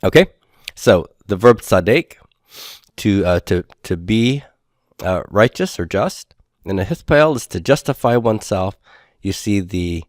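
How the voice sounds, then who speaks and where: A man teaching Hebrew grammar in a recorded lecture, explaining patiently step by step, sounding out words slowly and repeating them, and often checking in with "okay". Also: deep voice, dry recording, studio quality. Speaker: Biblical Hebrew instructor.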